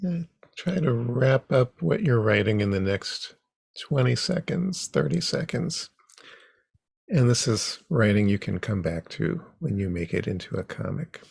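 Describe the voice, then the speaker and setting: A man teaching an online comics workshop over a video call, unhurried and halting, with frequent ums. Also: mid-range voice, sing-song, gravelly, darkish tone, husky, dry recording, clean studio sound.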